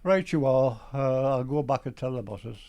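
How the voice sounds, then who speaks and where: An older man with a Geordie accent, a guest on an interview show, telling his story in a lively way and acting out old conversations. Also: medium pitch, normal speed, muffled recording. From Newcastle, England.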